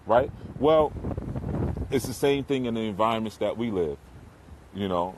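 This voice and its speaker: A man's voice: on the low side, animated, moderate pace, pauses often, a little mellow, rough recording. A middle-aged man talking loosely outdoors by the water in a rambling way, with profanity, as a spiritual teacher. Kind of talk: casual outdoor monologue. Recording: windy outdoor noise.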